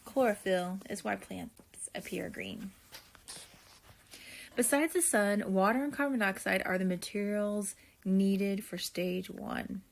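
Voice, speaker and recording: A woman teacher at an average pitch goes through her notes for a video lesson. She talks slowly and deliberately and thinks aloud as she writes. She speaks to her students in a friendly way. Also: gravelly. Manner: slow, deliberate, thinking aloud while writing; friendly, addresses students directly.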